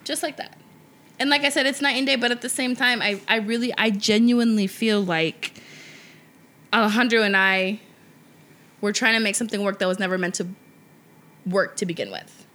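A woman's voice: mid-range voice, normal speed, pauses often, fairly bright tone. A young adult woman chatting casually as a podcast co-host, blunt and swearing freely. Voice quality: blunt, profane, emphatic. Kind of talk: casual chat.

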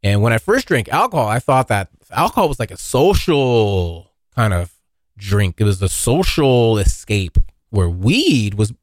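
A man's voice: on the low side, no room sound, studio quality. A young man from Washington State hosting his own podcast, telling a rambling, profane story in a casual solo chat. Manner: rambling, profane, animated when acting out scenes. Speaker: podcast host.

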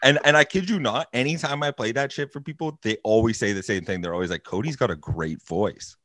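A man's voice: mid-range voice, lively intonation, quick pace, a bit bright, no room sound, clean studio sound. A young man co-hosting a podcast, rambling and self-mocking in casual chat. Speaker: podcast co-host.

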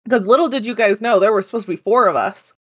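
A woman's voice: mid-range voice, quick pace, dry recording, studio quality. A woman co-hosting a podcast, chatting casually with a teasing, sarcastic edge. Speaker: podcast co-host. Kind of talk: casual chat.

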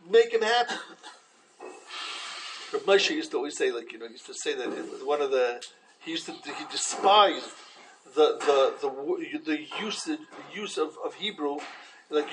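A man teaching a Torah class in an animated way, restarting often and acting out quotes. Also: high-pitched, background noise.

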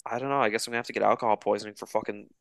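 A man's voice: on the low side, steady tone, racing, dry recording. A man in his twenties, a podcast co-host, telling a rambling, profane dating story in casual chat. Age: 20s.

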